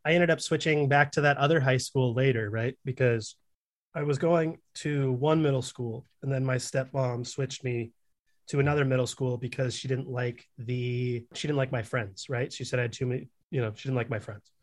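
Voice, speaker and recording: A man's voice: medium pitch, fairly even intonation, normal speed. A young man co-hosting a podcast, telling a long story in casual chat, rambling and correcting himself as he goes. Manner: rambling, swears, self-corrects. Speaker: podcast co-host.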